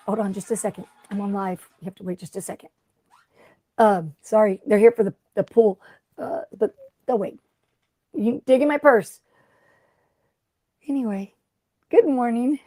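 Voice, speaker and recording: A woman's voice: on the high side, dark tone, dry recording, clean studio sound. Chatty woman hosting a craft livestream. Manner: rambling, chatty, greets viewers by name. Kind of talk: casual live-stream chat.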